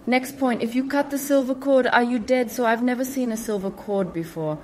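A woman's voice: a little high, moderate pace, darkish tone. Emphatic woman explaining in casual talk. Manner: emphatic, repeats for stress, awkward phrasing. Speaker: spiritual channel host.

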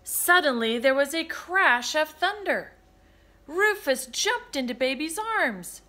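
Woman narrator for a kids' picture book, expressive and sing-song. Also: sits high, slow. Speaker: storybook reader. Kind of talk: children's read-aloud narration.

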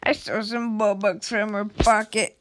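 A woman playfully narrating a game role-play, excitable and breaking into sudden shouted outbursts. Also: mid-range voice, normal speed, slight background noise. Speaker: gameplay narrator.

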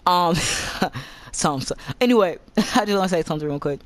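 In a dry recording, a young man whose voice sits high talks at normal speed while playing games for his channel. His live commentary is excitable and constantly profane, jumping from shouts to mutters.

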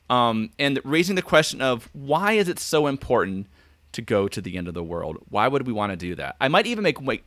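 A man's voice: mid-range voice, a bit bright, no room sound. A man speaking as a podcast guest over a video call, thinking aloud and acting out quoted lines. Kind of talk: casual video call chat.

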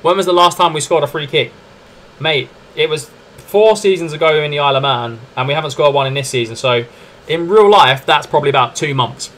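A young man streaming a football management game, commenting live in a chatty, excitable way and calling to his viewers as lads and mates. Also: on the high side, a little fast. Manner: excitable, chatty, keeps addressing "lads" and "mate".

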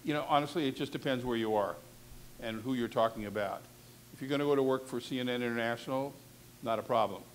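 Talking fast in a mid-range voice, a male talent coach leads a classroom session on reporting. He's conversational and candid, offering frank asides as he instructs.

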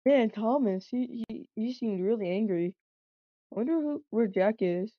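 A timid, dim-witted little male engine, voiced by a woman, hesitant and stammering. The voice is fairly low for her and sits in a dull, dry lo-fi recording. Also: moderate pace, dry recording, natural voice. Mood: confused.

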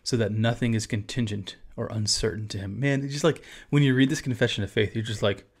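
A man's voice: on the low side, steady tone, fairly quick, slightly rough. A man, a pastor, teaching about a church confession of faith in a casual, conversational way with asides.

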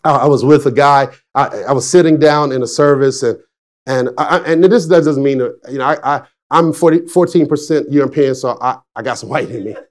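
A man in his forties, a pastor preaching a sermon, telling stories with frequent laughs and swinging between excited and hushed delivery. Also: medium pitch, brisk. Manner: chatty storytelling with frequent laughs. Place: church service.

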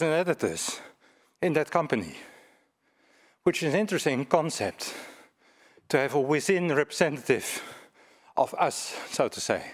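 A man introducing a speaker at a seminar, a little out of breath and hesitant, with many fillers. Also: fairly high pitch. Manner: hesitant, with restarts. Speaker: seminar moderator.

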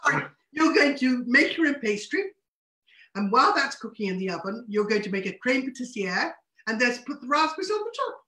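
A woman's voice: high-pitched, very animated, fairly quick, sharp tone, reverberant. A woman chef co-hosting a live cooking demonstration from her home kitchen over a video call, talking in a bubbly, instructive, exclamatory way. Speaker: chef and co-host.

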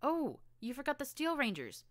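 A woman voicing a bouncy, cheerful little pink filly who talks high and excited. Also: fairly quick, no room sound, clean studio sound. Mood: gleeful.

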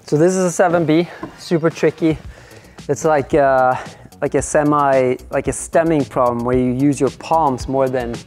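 A man's voice: on the high side, normal speed, a little mellow, faint music behind. Breathless man chatting mid-climb. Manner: chatty, sighing and puffing between climbs. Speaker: climber filming himself. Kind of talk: casual on-the-spot commentary. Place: indoor climbing gym. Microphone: clip-on microphone worn on the body.

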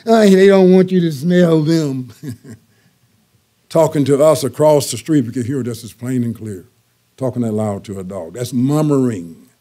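A man's voice: mid-range voice, dark tone. Older male preacher telling folksy stories. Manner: storytelling, folksy, repeats key phrases. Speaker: pastor. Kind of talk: sermon.

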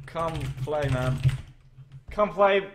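A young man talking into a desk mic at his computer, his voice a touch high and coming slowly in halting bursts. He is emotional and shaking, stammering and swearing as he tries to find words on his live stream. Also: reverberant, noisy background. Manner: overwhelmed, swearing, stammering exclamations.

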